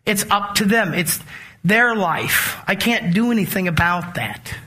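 High, bright-voiced male preacher. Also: unhurried. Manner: conversational, animated preaching with acted-out asides. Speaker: pastor. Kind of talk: sermon.

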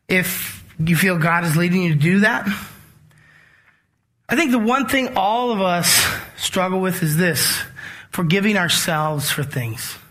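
A man preaching in a conversational, animated sermon. His voice sits high and rings bright, and he slips into acted-out asides as he talks to the congregation. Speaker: pastor.

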